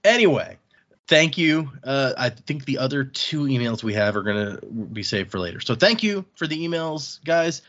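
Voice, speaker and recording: An easygoing man co-hosting a book podcast, chatting loosely and letting his sentences wander off. His voice sits at an ordinary middle pitch. The audio is a bit muffled and lo-fi. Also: very animated, moderate pace, fairly bright tone. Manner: easygoing, rambling, trails off mid-sentence. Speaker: podcast co-host. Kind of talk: casual chat.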